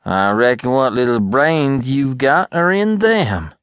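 A man voicing a stolid farmhand in an audiobook, talking with slow, cool sarcasm. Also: medium pitch, expressive, fairly bright tone, clean tone, no echo, studio quality, voice pushed up. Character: big stolid farmhand turned cool and dangerous. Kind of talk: audiobook character voice.

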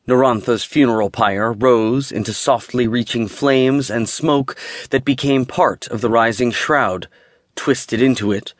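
A man narrating a fantasy audiobook in a steady, measured way, close to a studio mic. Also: medium pitch, no echo.

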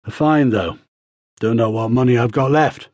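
A man's voice: medium pitch, moderate pace, darkish tone, close to an everyday voice. A man doing a surly, muttering hungover brute. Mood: relieved. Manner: growling, muttering. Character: big hungover male mercenary, surly.

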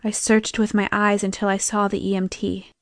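A woman's voice: medium pitch, flat delivery, moderate pace, no echo. Young woman narrating an audiobook, dry sound. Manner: tense, emotive storytelling. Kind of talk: first-person audiobook narration.

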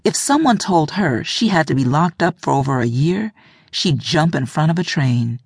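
A woman narrating an audiobook in a measured, reflective way, recorded in a studio booth. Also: low-pitched, expressive, vocal fry, darkish tone, breathy edge, no room sound.

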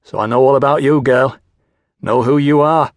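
A man voicing a smooth, cold gentleman from Manchester with a Mancunian accent, slow and superior in manner. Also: medium pitch, fairly even intonation, no echo, studio quality, lightly acted. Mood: smug.

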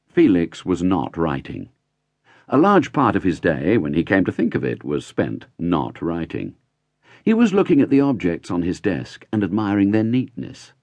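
Very expressive male audiobook narrator. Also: low-pitched, no room sound. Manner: wry, measured storytelling. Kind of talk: scripted narration.

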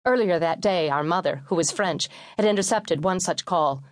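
A woman narrating a memoir audiobook in a measured, wry storytelling manner, recorded in a studio. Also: fairly low pitch, dry recording.

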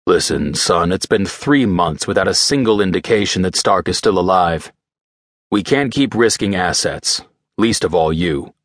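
A male narrator voicing a gruff, stern older army general who barks his orders. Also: sits low, lively intonation, normal speed, no echo, studio quality. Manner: barking, stern.

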